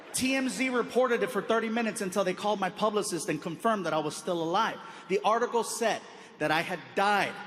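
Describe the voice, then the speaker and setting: A man's voice: sits high, a bit bright. A man doing stand-up, telling a story in a chatty, conversational way. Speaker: stand-up comedian. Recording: live in a big hall with audience noise.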